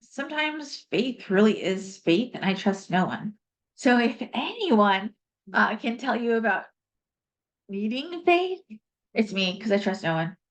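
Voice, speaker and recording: A woman's voice: on the low side, vocal fry. A woman giving a casual, rambling tarot reading, reflective and full of asides and fillers. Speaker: tarot reader. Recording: dull lo-fi recording.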